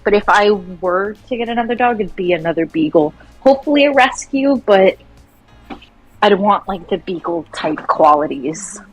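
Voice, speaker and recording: A woman co-hosting a live stream, chatting casually and telling animated stories. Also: medium pitch, moderate pace, soft background music, rough recording. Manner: animated storyteller who acts out her pets. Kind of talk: casual chat.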